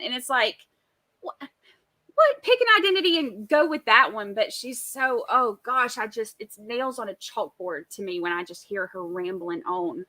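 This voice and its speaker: A woman's voice: fairly high pitch, sharp tone, no room sound. A woman co-hosting a casual true-crime chat, often exasperated and laughing. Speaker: co-host.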